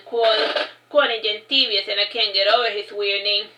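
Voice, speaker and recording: A woman's voice: mid-range voice, steady tone, normal speed, echoey room, noisy background. A woman reading her own fantasy novel aloud in first person, unpolished, with frequent restarts.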